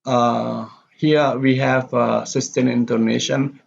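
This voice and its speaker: A man with a heavily gravelly, creaky voice gives a pronunciation lecture. He works through examples methodically and says each model sentence again slowly with exaggerated stress. The recording is dull and lo-fi, with a faint hiss behind him. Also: medium pitch, fairly even intonation.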